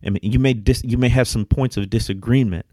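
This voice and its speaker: A man co-hosting a podcast, discussing theology in a measured, articulate and emphatic way. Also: mid-range voice, steady tone, warm tone, no room sound, clean studio sound. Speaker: podcast co-host.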